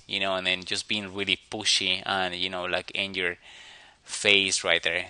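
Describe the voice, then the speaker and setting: A man critiques an animation shot as he sketches, thinking aloud in halting phrases full of fillers. His voice sits low with a tense, forceful edge. The sound is dry and close. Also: clean tone, dry recording, low-quality recording. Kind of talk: portfolio critique while drawing.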